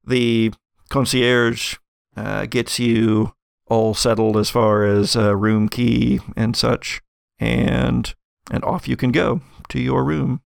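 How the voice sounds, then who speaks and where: A man narrating as game master in an actual-play show, laid-back and halting with fillers. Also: medium pitch, steady tone, gravelly, clear, resonant tone, no room sound, clean studio sound.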